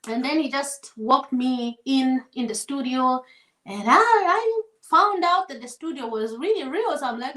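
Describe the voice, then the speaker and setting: A woman from Zambia, a guest singer telling stories in a relaxed conversation, animated and quick to laugh. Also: high voice, roomy sound, low-quality recording. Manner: animated storyteller, laughs often, acts out voices. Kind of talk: casual storytelling conversation. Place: home setting over a shared meal.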